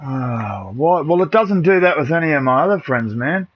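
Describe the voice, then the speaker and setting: A man's voice: fairly high pitch, lively intonation, normal speed. A middle-aged Australian man chatting on a live game stream, blunt and aggrieved, swearing freely and calling everyone mate and bro. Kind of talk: casual live-stream chat with party members. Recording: muffled, noisy home streaming mic.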